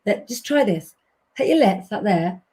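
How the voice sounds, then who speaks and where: A woman's voice: medium pitch, lively intonation, moderate pace, dark tone. A woman hosting a live stream as an astrologer and tarot reader, talking chattily to her viewers and calling them "guys".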